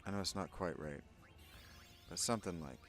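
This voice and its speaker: A man's voice: low-pitched, a little fast, a bit bright, faint music behind. A man casually commenting as he plays a game, chatty and reflective. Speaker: game streamer.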